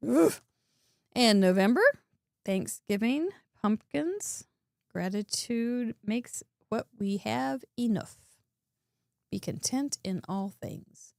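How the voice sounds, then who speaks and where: Chatty, high-voiced woman host. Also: expressive, slow, creaky, long pauses, a little mellow, no echo, studio quality. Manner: chatty, exclaiming, with frequent laughs. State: coughing, throat dry. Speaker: host of a cardmaking show. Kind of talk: casual live-stream chat showing viewer cards.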